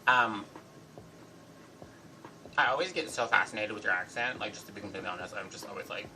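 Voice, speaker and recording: A man's voice: lowish voice, a little fast, background noise. Sassy chatty young man, slight English lilt. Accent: American with a slight fading English lilt. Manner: chatty, sassy, with many "like"s and "you know"s. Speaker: regular member of a group vlog channel. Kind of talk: casual rant vlog.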